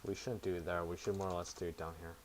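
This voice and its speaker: A man's voice: sits low, flat delivery, fast, slight background noise. A man talking his chat through his code in casual live commentary, thinking aloud and making self-mocking asides. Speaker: programmer streaming to chat.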